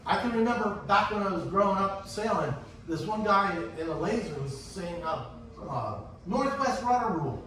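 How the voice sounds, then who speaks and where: A man teaching sailing racing tactics in a casual, anecdotal way, often acting out what other sailors shouted. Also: high voice, expressive, normal speed. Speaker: sailing instructor. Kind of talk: casual classroom talk on racing rules. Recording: echoey room, distant mic, faint hiss.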